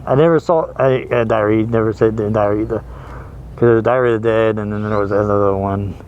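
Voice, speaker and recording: A man's voice: fairly low pitch, steady tone, fairly quick, darkish tone, dull audio, a little hiss or hum. A man hosting a horror movie show, talking casually and rambling, laughing easily and trailing off. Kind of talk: casual chat.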